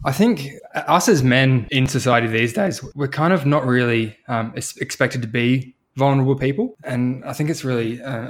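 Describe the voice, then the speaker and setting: A man hosting a casual podcast, easygoing, with many fillers and restarts. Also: mid-range voice. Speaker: podcast host.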